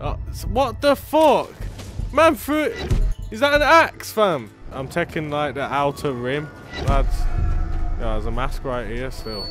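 A young man commentating his gameplay, swearing and yelling in slang when scared. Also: on the high side, lively intonation, unhurried, music in the background. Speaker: gaming streamer.

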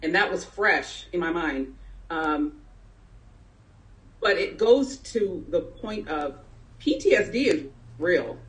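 A woman's voice: on the low side, expressive, takes it slowly, pauses often, distant mic. A middle-aged woman from San Jose candidly telling a personal story at a town hall, in a conversational way with plenty of fillers. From San Jose, California. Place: community town hall meeting.

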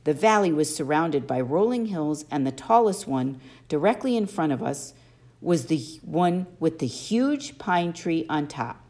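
A woman narrating an audiobook in an expressive first-person storytelling manner. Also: low-pitched. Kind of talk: audiobook reading.

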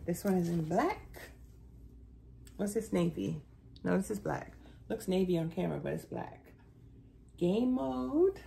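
A woman's voice: measured pace, creaky, long pauses, a little hiss or hum. A middle-aged woman, chatting casually in a haul vlog and saying "y'all" often. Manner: chatty, keeps saying "y'all", pitch jumps high when excited. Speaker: vlogger.

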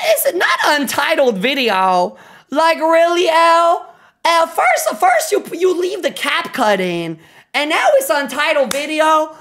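A young adult woman streaming a reaction video, chatting casually, swearing constantly and bursting into loud laughter. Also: high voice, sing-song, slow pace. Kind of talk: casual livestream reaction chat.

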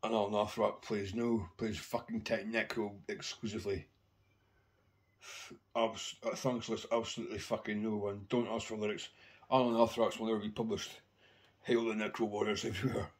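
A man's voice: on the low side, flat delivery, moderate pace. Swearing man rambling about records. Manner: heavy swearing, rambling anecdotes. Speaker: record collector vlogger. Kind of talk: casual rambling storytelling.

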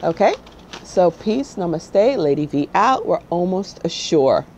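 A woman's voice: lowish voice, sing-song, measured pace, a little mellow, slight background noise, low-quality recording. A woman hosting her own spiritual channel, talking straight to the viewer in a blunt, no-nonsense way and often checking in with "okay?". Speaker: spiritual guide and channel host. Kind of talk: casual spiritual talk to camera.

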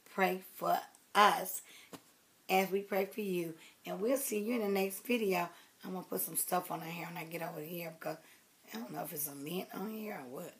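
A woman's voice: on the low side, normal speed. Chatty woman rambling to her viewers. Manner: rambling, chatty, affectionate, drifts to soft murmurs. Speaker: doll collector vlogger. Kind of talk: casual chat to camera.

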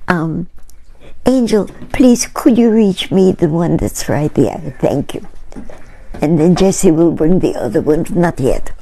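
Slight background noise sits behind this older woman's fairly low, expressive, mellow voice. A painter, she shares stories of her work with a small group in an unhurried, earnest and reflective way.

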